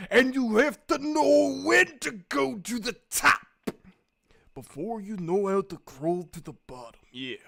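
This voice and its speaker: A man's voice: high-pitched, vocal fry, pushed and bright. A man streaming, chatting casually and rambling with fillers. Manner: rambling, many fillers and restarts.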